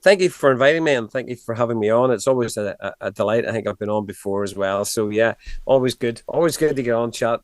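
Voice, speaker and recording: Male podcast guest, easygoing and halting, medium pitch, dry close recording. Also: no echo. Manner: friendly, halting with fillers and restarts. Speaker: podcast guest, sports editor. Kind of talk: casual podcast chat.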